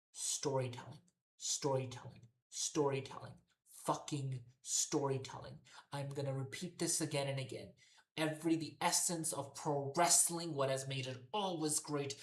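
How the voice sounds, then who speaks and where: Profane, ranting man in an echoey room. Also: on the high side. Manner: profane, exasperated ranting with frequent swearing. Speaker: wrestling podcast host. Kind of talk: unscripted ranting commentary. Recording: echoey roomy recording.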